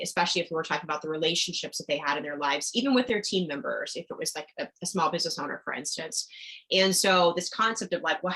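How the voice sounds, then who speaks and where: Brief: middle-aged woman, lowish bright voice, lively guest coach, acts out quotes. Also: rough recording. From Midwestern United States. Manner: animated, enthusiastic, acts out quotes. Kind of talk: conversational podcast interview.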